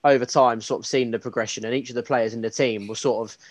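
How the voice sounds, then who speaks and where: A man's voice: medium pitch, fairly even intonation, fast, no echo. A man hosting a casual podcast interview, asking friendly, probing questions. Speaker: podcast host.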